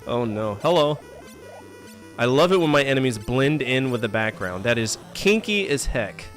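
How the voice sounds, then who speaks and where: A man's voice: medium pitch, big pitch swings, normal speed, fairly bright tone. A man in his thirties streaming a game live, joking, complaining sarcastically and chatting with viewers. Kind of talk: live gameplay commentary. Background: faint game music.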